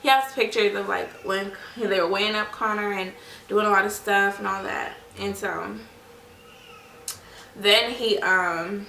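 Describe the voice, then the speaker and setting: A young woman with a bright, slightly gravelly voice chats to her viewers as she tells a personal story. She talks casually and acts out other people's lines as she goes. The sound is roomy and a little distant, with a faint hum of the room behind her. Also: medium pitch, steady tone, a little slow. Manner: chatty, addresses viewers as "you guys" and "y'all". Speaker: vlogger. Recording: echoey room, mic at a distance.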